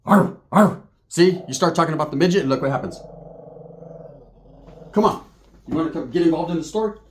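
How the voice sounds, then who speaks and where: A man's voice: on the high side, fast, a little hiss or hum. A man telling a comic story in a casual, profane way, acting out what people said. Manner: profane, animated, acts out quotes.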